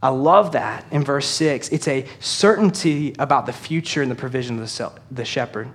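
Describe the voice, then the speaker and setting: A man preaching a sermon, speaking earnestly to his congregation and easing into slow, soft emphasis on key lines. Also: medium pitch. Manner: earnest preaching, addresses congregation as church and y'all. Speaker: pastor.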